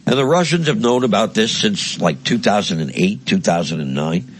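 Heated, husky-voiced male commentator. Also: big pitch swings, moderate pace. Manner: heated, blunt and crude, mocking, with sweeping pitch swings. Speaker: political commentator. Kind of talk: impassioned monologue.

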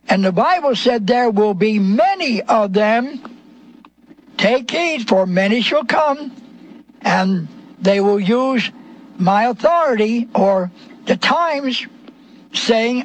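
A man preaching a sermon, quoting scripture slowly and emphatically. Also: sits high, rough recording. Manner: slow, emphatic preaching with drawn-out scripture quotes.

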